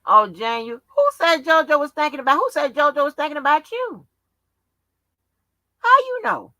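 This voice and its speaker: A brash woman livestream host with a bright, lively voice that swoops up and down as she needles her chat. She talks slowly and profanely, and the sound is dry and close. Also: high-pitched, dry recording, low-quality recording. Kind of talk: casual live-stream chat.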